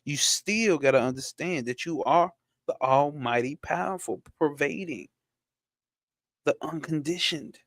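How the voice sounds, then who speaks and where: A man teaching spirituality. He reads a text aloud slowly and breaks off into blunt, slangy asides with profanity for a live chat. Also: on the high side, fairly bright tone, no echo, clean studio sound. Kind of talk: reading a text aloud and commenting on it.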